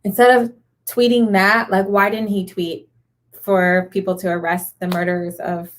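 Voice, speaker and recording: A woman's voice: mid-range voice, level tone, normal speed, noisy background. A young woman co-hosting a podcast, talking in an earnest, agreeable way. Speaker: podcast co-host. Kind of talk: casual chat.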